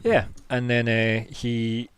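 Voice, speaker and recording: Male game master, loose rambling narration, mid pitch, dry close sound. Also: level tone, slow pace, smooth, dry recording. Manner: loose, rambling scene description full of hedging fillers.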